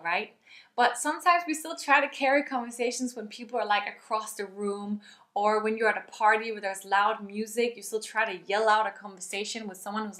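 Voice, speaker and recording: Young female vocal coach, upbeat and direct to camera, slightly high, roomy sound. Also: fairly bright tone. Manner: upbeat, talks straight to viewers. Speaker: singing teacher. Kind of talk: vocal health tutorial.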